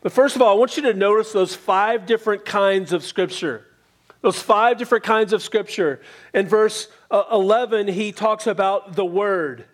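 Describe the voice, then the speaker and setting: A male pastor delivers a sermon to his church in a high, light voice. He teaches earnestly, repeating key definitions for emphasis as he walks through a passage. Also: normal speed.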